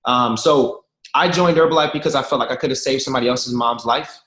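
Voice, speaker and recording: A brisk, mid-range male voice belongs to a man in his thirties who is animatedly telling jokey, slang-filled stories to his team and addressing them head-on. It's a video call from an echoey room.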